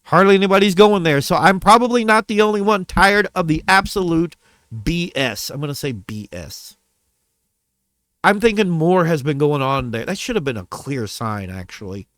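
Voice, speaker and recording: A man rants straight into his camera, swearing and circling back over the same points. His fairly high voice swings up and down a lot and has a bright edge. The sound is dry and close. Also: lively intonation, normal speed, no echo. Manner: profane, heated, repeats himself. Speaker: vlogger. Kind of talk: angry rant to camera.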